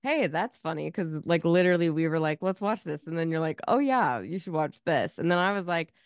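Casual female co-host, smooth voice, dry close mic, salty and sarcastic. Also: low voice, fairly quick, no room sound. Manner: swears a lot, animated and sarcastic. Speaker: podcast co-host. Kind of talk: casual chat.

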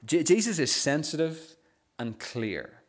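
A male pastor preaching a sermon, often stammering on first sounds and dropping softer on key phrases. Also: on the high side, big pitch swings, a little slow, husky.

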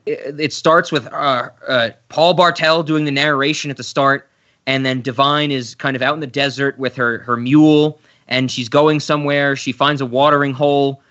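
Brief: bright, slightly high man, rambling film-podcast co-host, muffled audio. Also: fairly even intonation, moderate pace. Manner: rambling, restarts, acts out quotes. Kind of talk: casual film review chat.

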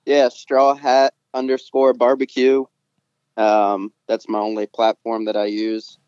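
A man's voice: mid-range voice, monotone, unhurried, a little mellow, clean tone, no echo, muffled recording. A man with a Southern US accent, chatting casually as a guest in a laid-back, joking way. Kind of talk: casual chat.

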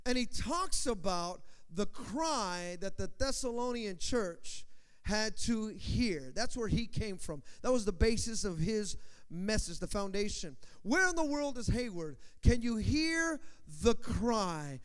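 A man's voice: high-pitched, animated, unhurried, a bit bright, smooth. A man pastor preaching a sermon in a church, emphatic and repetitive, putting questions to the congregation. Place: church sanctuary. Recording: long hall reverb.

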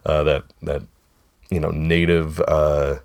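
A man with a hoarse, froggy voice from a sore throat, hosting a casual podcast chat with kids and often asking them if they remember. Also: extremely low pitch, level tone, takes it slowly, a little mellow. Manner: chatty, keeps asking the listeners if they remember. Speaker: podcast host.

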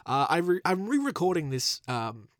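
A man's voice: fairly high pitch, big pitch swings, moderate pace, dry recording, clean studio sound. A man with a nasal voice, coming down with a cold, hosting a casual podcast in a rambling, self-deprecating way with lots of fillers. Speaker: podcast host.

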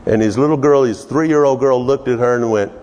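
A middle-aged man from Texas, preaching with lively storytelling and chuckles. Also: medium pitch, brisk, a little hiss or hum. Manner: animated storyteller, chuckling, acting out voices. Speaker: pastor. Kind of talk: storytelling sermon. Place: church sanctuary. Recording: reverberant church hall.

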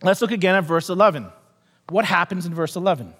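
A man preaching a sermon as pastor, earnest, repeating key phrases and dropping low for emphasis. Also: quick pace, a bit bright, slightly rough, big-room sound.

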